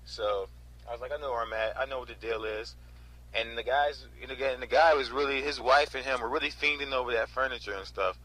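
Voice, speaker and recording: A man in his twenties from North Carolina casually recounting a storage auction in an animated way, often adding "right?" and "you know?". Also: mid-range voice, fairly quick, rough recording. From North Carolina, USA. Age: 20s. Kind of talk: casual storytelling vlog.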